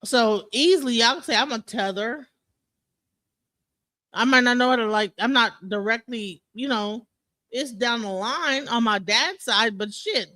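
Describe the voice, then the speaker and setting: A bright, sharp voice tears through a casual livestream rant. The speaker is heated and swears freely, restarting sentences and stumbling over repeated words. The sound is close and dry, with no room around it. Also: medium pitch, unhurried, no echo. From Detroit. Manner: profane, heated and emphatic. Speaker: livestream host.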